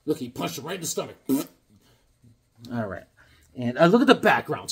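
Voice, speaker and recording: This man's voice sits a little high, with big swings in pitch, a moderate pace and a fairly bright, breathy tone. He's a comics collector showing his drawings, chatting to camera in a loose, rambling, easygoing way and tossing in chuckling asides.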